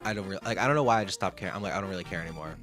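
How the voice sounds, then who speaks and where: A man with a fairly low voice tells stories vlog-style, chatty and animated, slipping in sassy slang and playing out little bits of dialogue. Guitar music plays clearly underneath the whole time. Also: racing. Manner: chatty, animated, reenacts conversations. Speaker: vlogger. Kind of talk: casual storytelling monologue.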